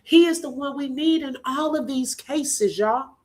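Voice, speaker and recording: Brief: woman livestream host, emotional and prayerful, voice slightly high. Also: unhurried, a little mellow. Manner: preaching cadence, laughing through tears. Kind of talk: emotional faith-filled livestream talk.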